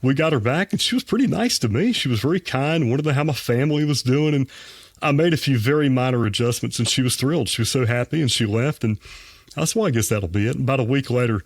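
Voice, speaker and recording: A man's voice: medium pitch, fast talker, dry recording, studio quality. A man, a dentist telling a personal story as a guest on a podcast, folksy and earnest. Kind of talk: personal anecdote in a podcast interview.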